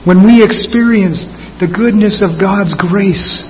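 A man with a somewhat high voice preaches an earnest sermon, stretching key words for emphasis. The sound is dull and lo-fi, with a long hall reverb. Faint room noise sits behind him. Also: slow. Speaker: pastor.

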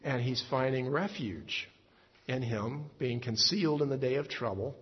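A man teaching a Bible passage in a halting way, with many fillers and restarts. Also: medium pitch, slightly rough. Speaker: preacher. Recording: dull lo-fi recording in a reverberant hall.

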